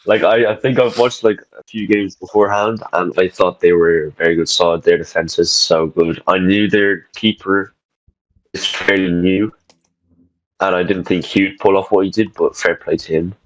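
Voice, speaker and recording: A man's voice: low-pitched, fairly even intonation, moderate pace. A man co-hosting a football podcast, speaking in a laid-back, hesitant way. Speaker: podcast co-host. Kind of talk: casual chat. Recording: dull lo-fi mic.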